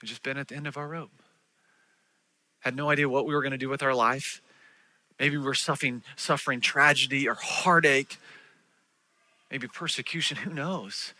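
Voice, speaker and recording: A man preaching a sermon, telling stories with animated delivery and acting out the voices of the people in them. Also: medium pitch, moderate pace, long pauses. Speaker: pastor.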